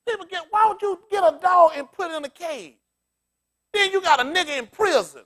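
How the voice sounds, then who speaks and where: Male pastor, AAVE, very high voice, lively swooping delivery, loud street-preaching style. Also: a little fast. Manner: loud, animated street preaching, laughing asides. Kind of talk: loose preaching to a congregation.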